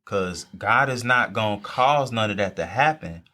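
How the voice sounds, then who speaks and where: Bright-voiced man preaching casually. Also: on the low side, expressive, moderate pace. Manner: casual preacherly, repeats phrases for emphasis. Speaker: podcast co-host. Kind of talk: faith talk among friends.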